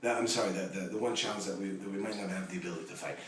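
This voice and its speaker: Man teaching a Torah lesson, quick lively storytelling, jokey asides, far from the mic. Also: low voice. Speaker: rabbi. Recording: echoey room, mic far off, faint noise.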